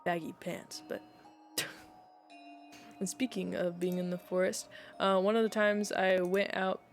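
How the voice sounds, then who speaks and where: A woman's voice: on the low side, fairly even intonation, unhurried, soft background music. A woman streamer chatting casually, rambling and giggling with plenty of fillers.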